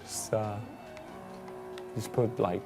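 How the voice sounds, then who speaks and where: A man's voice: on the low side, fairly even intonation, takes it slowly, gravelly, darkish tone. A man co-hosting a game livestream, dryly teasing the player and explaining how the cars handle. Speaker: livestream co-host and game commentator. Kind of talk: casual gaming commentary. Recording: game music audible behind.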